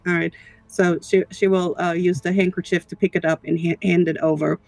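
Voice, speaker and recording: A man playing a tabletop game, talking in halting bursts and repeating words as he describes his character. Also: sits high, level tone, creaky, darkish tone, dry recording. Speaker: player.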